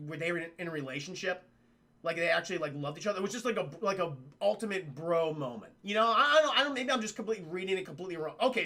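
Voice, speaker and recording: High, gravelly male film-review streamer. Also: bright, forceful tone. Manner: profane, rambling, addresses chat. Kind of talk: casual livestream film recap.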